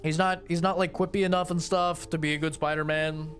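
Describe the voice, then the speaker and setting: A man's voice: fairly high pitch, a little fast, soft background music. A young man streaming a game, swearing a lot and ranting in casual commentary. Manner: swearing, excitable, rants loudly.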